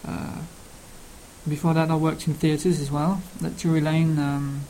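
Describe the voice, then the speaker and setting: An older man from London with a Cockney accent, introducing himself casually in a plain, halting way with frequent pauses. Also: fairly high pitch, level tone, warm tone, a little hiss or hum, poor audio. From London, England. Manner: halting, plain-spoken, pausing often mid-sentence. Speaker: television sports researcher.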